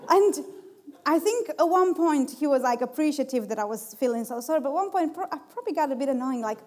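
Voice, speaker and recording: A woman's voice: high-pitched, expressive, fast talker, darkish tone. A young adult woman giving a personal devotional talk, chatty and self-deprecating, who laughs at herself. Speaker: preacher.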